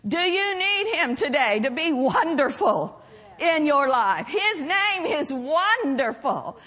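A woman's voice: high-pitched, big pitch swings, takes it slowly, fairly bright tone. An older woman preaching a sermon, telling family anecdotes in an earnest way, often laughing.

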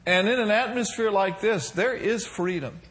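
Male pastor, higher voice, mid sermon, calls out to the room, casual fillers. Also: normal speed, fairly bright tone. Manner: preaching with call-and-response asides. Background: congregation responding.

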